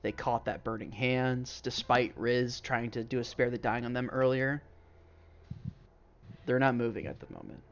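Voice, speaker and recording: A man's voice: mid-range voice, steady tone, moderate pace, vocal fry. A man narrating a tabletop game as game master, with loose narration full of "like" and "um". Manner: loose, filler-heavy narration. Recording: dull lo-fi stream audio.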